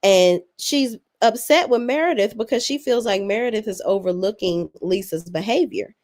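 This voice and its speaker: A woman's voice: mid-range voice, moderate pace, darkish tone. A young adult woman hosting a casual recap, blunt, sassy and full of swearing. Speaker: reality TV recap host.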